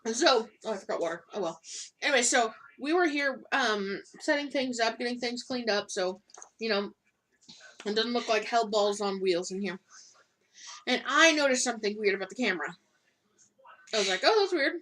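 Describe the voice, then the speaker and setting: A young woman co-hosting a casual vlog, telling a story in a chatty, animated way. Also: a little high, normal speed, pauses often. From United States. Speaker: co-host.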